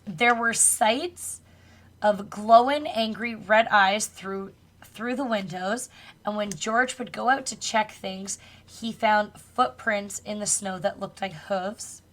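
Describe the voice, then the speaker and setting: A woman co-hosting a podcast tells a spooky true story in a relaxed, chatty way. She swears casually now and then and laughs along with her co-host. Her voice sits in an ordinary middle pitch. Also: takes it slowly. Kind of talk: casual chat, retelling a true crime story.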